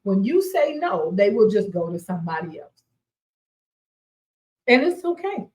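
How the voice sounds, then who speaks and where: A woman in her forties hosts a radio talk show, her voice sitting at a middle pitch. She speaks slowly and emphatically, repeating her points and laughing often. The room gives her voice a noticeable echo. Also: very animated, darkish tone. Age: 40s. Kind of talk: casual motivational talk.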